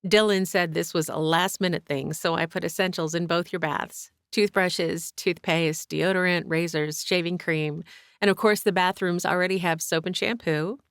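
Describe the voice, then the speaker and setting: A woman's voice: fairly low pitch, steady tone, moderate pace, smooth, dry recording, clean studio sound, lightly acted. A woman reading an audiobook, voicing a chatty, cheerful young innkeeper and mother with a bubbly, welcoming manner.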